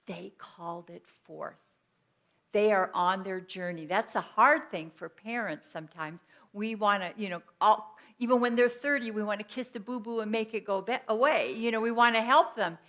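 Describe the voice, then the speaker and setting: A woman's voice: mid-range voice, a bit bright. A woman minister giving an earnest, personal sermon in a conversational teaching style with everyday examples.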